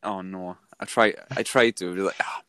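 A man's voice: sits low, steady tone, moderate pace, fairly bright tone, smooth, no room sound. A Welsh man chatting as a podcast guest, joking and laughing through his stories. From Wales. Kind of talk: casual chat.

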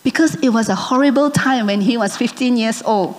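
A woman preaching a sermon, telling a story with animated delivery and often checking in with the congregation. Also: on the high side, brisk, big-room sound. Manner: animated, asks the congregation "okay?" and "amen?".

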